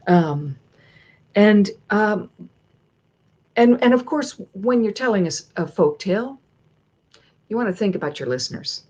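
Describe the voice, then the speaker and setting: A woman storyteller teaches in a chatty, rambling way and often circles back to restart her sentences. Her voice is husky and breathy, in a middle register. The livestream audio sounds dull and lo-fi. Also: mid-range voice, expressive, a little slow, pauses often, darkish tone. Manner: chatty, digressive, many ums and restarts. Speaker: storyteller leading a workshop. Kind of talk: casual instructional talk.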